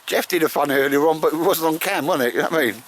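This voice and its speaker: A man's voice: on the high side, rapid-fire, a little hiss or hum. A man bantering and teasing his mates on a bushcraft outing in the woods, recorded on camera. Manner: joking, teasing, chatty. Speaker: bushcraft vlogger. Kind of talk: casual banter with friends. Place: outdoors in woods on a cold day.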